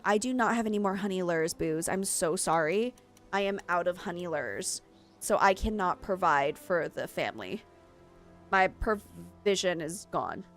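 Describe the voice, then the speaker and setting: A woman's voice: medium pitch, a bit bright. Tired, chatty woman game streamer. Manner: rambling and chatty, with frequent fillers. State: tired and sleep-deprived. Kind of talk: casual chat while streaming gameplay.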